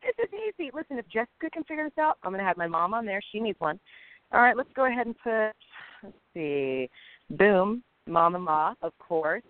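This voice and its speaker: A woman co-hosting a casual faith podcast, talking excitedly and urging listeners on. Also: medium pitch, brisk, no room sound. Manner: excitable, emphatic, exhorting listeners. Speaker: co-host. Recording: tinny phone-like sound.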